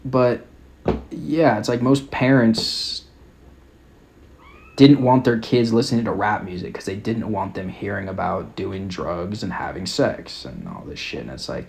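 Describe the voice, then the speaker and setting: A man's voice: lowish voice, measured pace, creaky, darkish tone, a little hiss or hum. A young man hosting a podcast, ranting casually in a mocking, exasperated way and swearing constantly. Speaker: podcast host. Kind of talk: casual rant.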